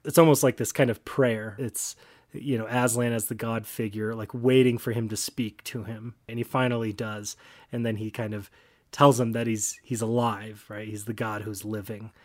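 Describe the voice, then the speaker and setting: A man's voice: lowish voice, level tone, normal speed. A man giving casual, reflective commentary on a book he reads aloud, talking eagerly and restarting his phrases. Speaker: book discussion host.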